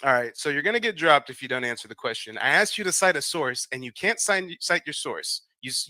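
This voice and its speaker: Confrontational American male host, higher-pitched and bright, mocking interrogator. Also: expressive, fairly quick, few pauses, no echo. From United States. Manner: mocking, interrogating, repeats demands. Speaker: livestream host. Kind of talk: confrontational live debate.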